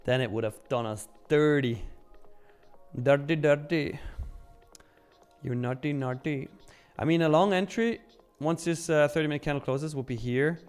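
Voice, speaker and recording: A man's voice: fairly high pitch, brisk, hardly any pauses, smooth, faint music behind. A man hosting a live trading stream, talking casually and joking as he reads out chat messages.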